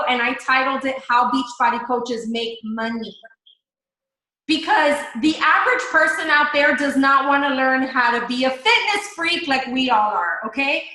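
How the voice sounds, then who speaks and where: A woman's voice: sits high, bright, forceful tone, heavy reverb, rough recording. A woman in a chatty, upbeat coaching talk on a live video call, speaking straight to her team. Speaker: network marketing coach.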